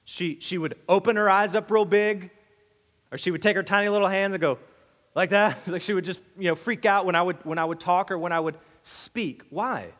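Preacher, man, high-pitched, chatty sermon delivery with rhetorical questions, reverberant hall. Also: normal speed. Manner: conversational, asks rhetorical questions, repeats and restarts words; voices the crowd's demand in a higher, louder tone. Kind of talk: expository sermon.

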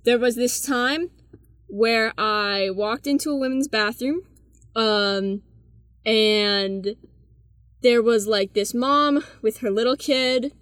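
A woman's voice: a little high, takes it slowly, fairly bright tone, no room sound, studio quality. A young woman casually telling embarrassing stories, laid-back and full of "like" and "bro". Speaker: interviewee. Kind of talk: casual storytelling.

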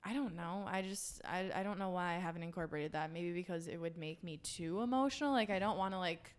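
A woman's voice: lowish voice, a little fast, clean tone. A woman co-hosting a podcast, talking candidly in casual chat, swearing freely and laughing easily. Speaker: podcast co-host.

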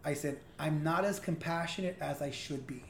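A man's voice: a little high, normal speed, vocal fry. Earnest, frank man in a roomy space. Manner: earnest, open, swears freely. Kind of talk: candid casual conversation. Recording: roomy echo, faint hiss.

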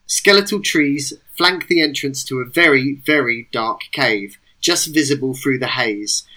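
A man narrating a tabletop role-playing game as game master, in calm, descriptive storytelling. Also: medium pitch, a little slow.

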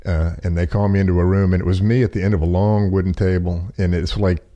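A middle-aged podcast guest with a deep, dark, steady voice tells a long personal story fast, rambling in a folksy, self-deprecating way and chuckling along. The sound is lo-fi.

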